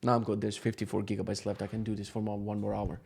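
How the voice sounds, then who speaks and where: A young man telling a travel mishap story in a casual rant, exasperated and swearing, with animated bursts of frustration. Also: lowish voice, fast, creaky, breathy edge. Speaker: vlogger.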